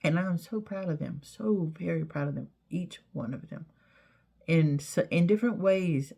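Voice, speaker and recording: A woman's voice: lowish voice, normal speed, vocal fry, warm tone. A middle-aged woman talks to her viewers in a casual, heartfelt way, rambling and repeating herself with many "you know"s. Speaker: vlogger. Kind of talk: casual heartfelt talk to camera.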